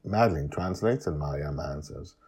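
A man hosting a podcast and narrating a serialized story with lively emphasis. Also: very deep voice, normal speed, breathy edge.

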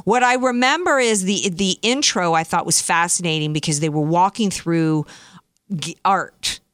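A woman hosting a talk radio show, giving opinionated commentary in a sarcastic, animated way into a studio microphone. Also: lowish voice, moderate pace, no echo.

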